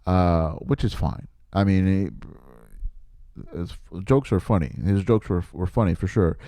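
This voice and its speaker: A man's voice: deep voice, very animated, unhurried, warm tone, no echo. A man, a podcast host and comedian, telling a rambling story casually, laughing often and poking fun at himself.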